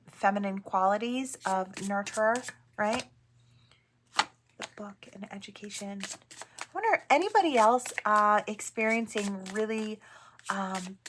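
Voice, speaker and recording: A woman giving a casual tarot reading to viewers, musing aloud in a chatty way with soft asides. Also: mid-range voice, slight background noise. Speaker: tarot reader.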